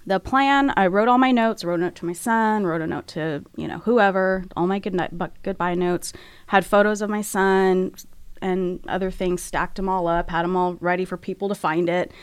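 A woman's voice: lowish voice, moderate pace, smooth, dry recording. Candid woman telling a personal story. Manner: candid, animated when retelling, acts out her own quoted thoughts. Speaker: guest.

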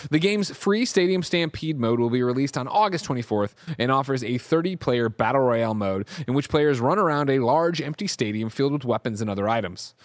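A man hosting a gaming news show, reading reports with a bouncing, animated pitch and throwing in loose asides. His voice sits dry and close on a studio mic. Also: brisk, hardly any pauses, no echo. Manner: lively delivery, reads reports aloud with asides. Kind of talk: casual news chat.

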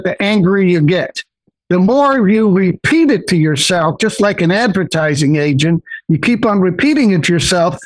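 An older man telling personal stories as a guest in an interview, animated and often acting out the voices of others. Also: high voice, no echo, poor audio. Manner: animated, acts out quoted voices, many restarts. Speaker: guest investor. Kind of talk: personal storytelling in a podcast interview.

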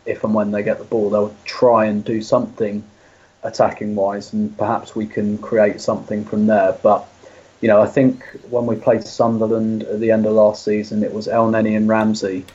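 A man as a podcast guest, talking in a measured, analytical way with frequent hedges. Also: lowish voice, flat delivery, darkish tone, slightly rough, highs cut off. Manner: measured, analytical, hedging with fillers. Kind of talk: casual chat.

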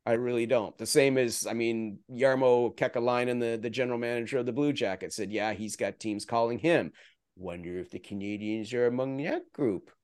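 A man's voice: mid-range voice, moderate pace, a little mellow, clear, resonant tone, no room sound, clean studio sound. Rambling man on a hockey podcast. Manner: rambling, many restarts, jokey asides. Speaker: guest hockey analyst. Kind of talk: casual podcast chat.

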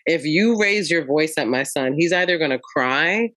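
A woman comedian chatting in an interview, telling animated stories and acting out quoted lines. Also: low-pitched, normal speed, no room sound, poor audio. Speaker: comedian guest. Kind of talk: casual interview chat.

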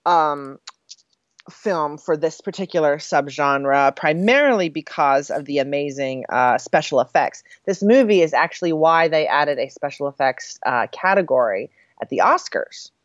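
A woman's voice: sits low, expressive, unhurried, dry recording. A woman co-hosting a podcast in casual chat, chatty and a bit scattered, reading listener mail aloud. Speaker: podcast co-host. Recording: slightly dull, dry podcast audio.

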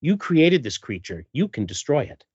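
A man reading out the lines of a calm female telepath heroine from a comic, his voice a little raised. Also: mid-range voice, moderate pace, husky, no echo. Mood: pleading. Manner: read aloud from a comic, voice raised. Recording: dull lo-fi dry recording.

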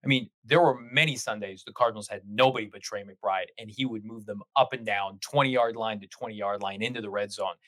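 Animated man talking sports. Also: fairly low pitch, a little fast, hardly any pauses, dry recording. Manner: animated, talks in long run-on stretches. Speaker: podcast guest, team show host. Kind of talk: casual sports chat.

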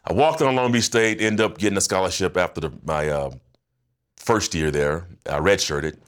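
A man in his fifties, a former football player, telling stories as a guest on a podcast in an animated, laughing, slangy way. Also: deep voice, moderate pace. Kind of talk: casual podcast storytelling.

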